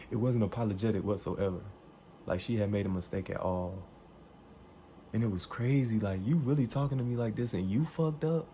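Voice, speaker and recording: A man with a low, warm, mellow voice tells a story in an animated and emphatic way. He swears freely and acts out the lines people said. A faint hiss sits behind him. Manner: profane, emphatic, acts out quoted dialogue.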